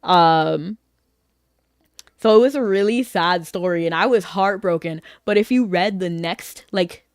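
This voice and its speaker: A woman's voice: mid-range voice, no room sound, clean studio sound. A woman streaming a game, chatting casually with her viewers in a rambling, filler-heavy way and laughing easily.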